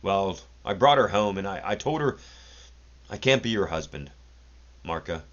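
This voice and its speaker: A man puts on a shy, sad raftsman who murmurs and pleads to be left alone. The voice is low and deep, and the recording is dull and lo-fi. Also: lively intonation, normal speed, a bit bright. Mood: pleading. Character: timid, sad, pious young male raftsman.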